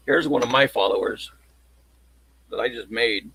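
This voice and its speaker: A man chatting casually on a livestream, showing his locksport tools in a halting, rambling way. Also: mid-range voice, creaky, fairly bright tone, slightly rough, no room sound, rough recording. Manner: halting, rambling show-and-tell.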